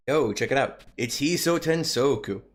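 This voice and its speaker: A man's voice: medium pitch, expressive, normal speed. A man streaming a video game, chatting casually and animatedly as he plays. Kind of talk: casual gameplay commentary. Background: faint game music.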